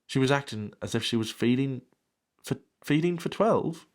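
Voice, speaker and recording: A man with a mid-range, expressive voice reads a fan story aloud at a moderate pace. He keeps breaking off for dry, sarcastic asides and bouts of mock outrage, turning the reading into comedy.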